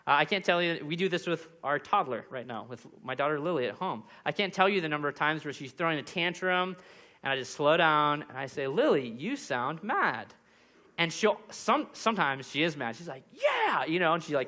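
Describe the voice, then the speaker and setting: A man's voice: on the high side, quick pace, pushed and bright. A young man giving a sermon as pastor, walking through numbered points and acting out little example quotes. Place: church.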